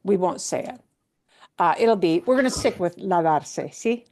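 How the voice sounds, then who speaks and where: A woman teaches a live Spanish lesson, explaining slowly and patiently, mixing English with Spanish examples, and frequently checking in with students with things like "right?". Her voice is on the low side and darkish, with lively intonation.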